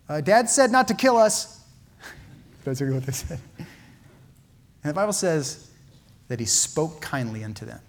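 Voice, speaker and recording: A male pastor preaches a sermon with feeling in a medium-pitched voice, swinging between loud, emphatic peaks and hushed, quiet lines.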